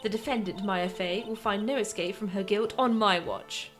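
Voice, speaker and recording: A woman's voice: medium pitch, normal speed, soft background music, natural voice. A woman doing a posh, haughty young prosecutor. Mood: threatening. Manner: cold, haughty and clipped.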